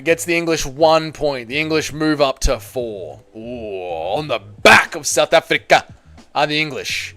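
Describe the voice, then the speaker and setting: A young man hosting a casual livestream, reading chat comments and bantering loudly with sudden excited shouts and plenty of swearing. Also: fairly high pitch, unhurried. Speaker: livestream host.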